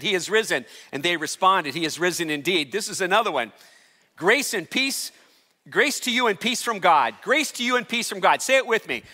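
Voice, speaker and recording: A man's voice: high-pitched, bright, forceful tone. A man preaching a sermon as pastor, emphatic and conversational, with rising calls to the congregation. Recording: hall reverb.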